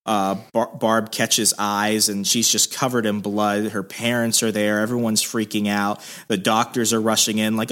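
A man's voice: fairly low pitch, level tone, normal speed, few pauses, fairly bright tone. A man hosting a podcast, casually retelling a story in a loose, rambling way, full of fillers. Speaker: podcast host. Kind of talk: casual comic recap.

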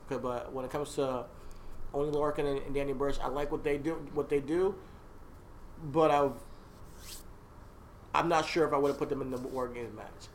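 A man's voice: mid-range voice, a little hiss or hum. A man co-hosting a casual wrestling podcast, rambling and hesitating as he talks. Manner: rambling, hesitant, full of fillers. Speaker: podcast co-host.

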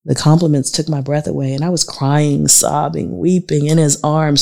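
A woman's voice: sits low, steady tone, normal speed, creaky, hardly any pauses, warm tone. A woman in her forties from the Southern United States, with a Southern American accent, reading her own memoir aloud in an emotional, confessional way. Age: 40s. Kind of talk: audiobook memoir narration.

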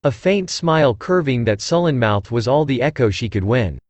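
A synthesized male voice narrating an audiobook in a measured reading style. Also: medium pitch, lively intonation, no echo.

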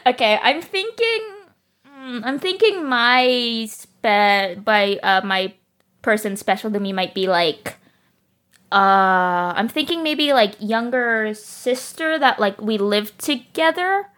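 A woman's voice: on the high side, expressive, takes it slowly, fairly bright tone. A woman chatting casually as a tabletop game player, enthusiastic and giggly, often stopping mid-sentence. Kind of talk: casual chat.

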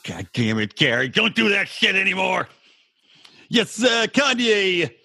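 A man's voice: sits high, very animated, measured pace, gravelly, bright, forceful tone, slight background noise, full character voice. A man playing a pompous, brash mock president in a comedy podcast, using a silly sing-song put-on accent. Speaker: podcast host. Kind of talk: drunken comedy role-play.

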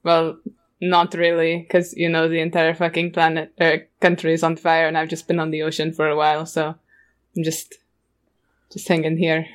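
A woman's voice: low-pitched, monotone, normal speed. A woman playing a tabletop game, rambling casually with lots of "like".

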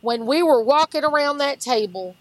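A woman, a podcast guest telling stories in an animated way, laughing and acting out what others said. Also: high voice, moderate pace, no room sound, rough recording. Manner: animated, laughs through stories, acts out quotes. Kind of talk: casual storytelling.

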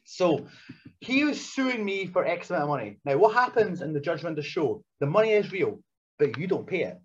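A man, a wrestler and coach, telling stories as a podcast guest in a casual, animated way that is full of swearing and restarts. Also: a little high, normal speed, a little hiss or hum. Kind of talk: casual storytelling chat. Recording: muffled lo-fi sound.

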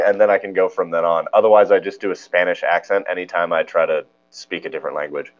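A young man co-hosting a podcast with a lowish voice, talking in loose, jokey chat. He trips over his words and restarts often, building up steam as he goes. The audio is dull and lo-fi. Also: a little fast. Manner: animated, stumbling restarts, jokey. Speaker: podcast co-host. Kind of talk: casual chat. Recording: dull lo-fi recording.

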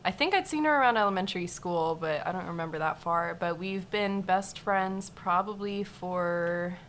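A woman's voice: fairly low pitch, moderate pace, a little hiss or hum. A woman in her twenties, a podcast guest, chatting casually and making dry jokes. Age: 20s. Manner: joking, deadpan about grief. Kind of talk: casual chat.

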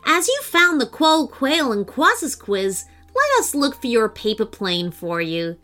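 A woman's voice: fairly high pitch, huge pitch swings, measured pace, pushed and bright, full character voice. A woman voicing Maya, a kind young girl in a children's storybook.

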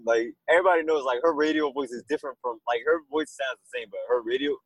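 A man being interviewed about his music, talking in a loose, rambling way and telling animated stories. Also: mid-range voice, quick pace, dry recording, rough recording. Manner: rambling, animated storytelling with laughs. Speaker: musician guest. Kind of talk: casual interview chat.

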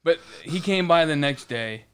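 A man co-hosting a casual podcast tells a work story, swearing a lot and narrating with animation. His clean-toned voice is fairly high and moves at normal speed, captured on a studio podcast mic.

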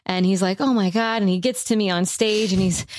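A woman in her thirties telling a personal story in a relaxed, rambling way, with lots of fillers as she co-hosts a podcast. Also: medium pitch, brisk, no room sound, studio quality. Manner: reflective, rambling with frequent fillers.

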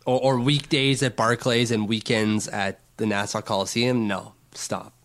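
A man's voice: fairly low pitch, steady tone, unhurried, a bit bright. A man co-hosting a casual sports podcast, rambling and restarting his sentences often. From not from Long Island. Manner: rambling, self-correcting, stammers on restarts. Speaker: podcast co-host.

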